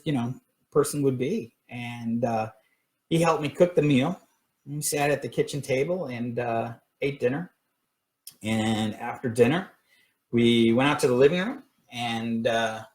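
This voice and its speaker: A man's voice: medium pitch, roomy sound. A man casually recounting a personal story on a livestream, rambling with many fillers and restarts. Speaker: paranormal research group director.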